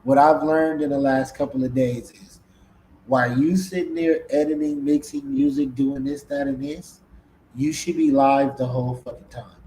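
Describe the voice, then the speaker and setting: A man's voice: mid-range voice, steady tone, normal speed, mellow, slight background noise, rough recording. A man hosting a casual live-stream podcast in a laid-back way, often repeating his words. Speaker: podcast host.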